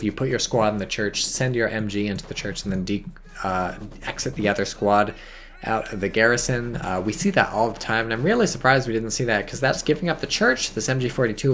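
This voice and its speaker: Gravelly tipsy man casting a game. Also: mid-range voice, fairly bright tone, slight background noise. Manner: rambling, profane, self-mocking asides. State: tipsy from wine. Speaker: shoutcaster. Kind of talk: casual game commentary.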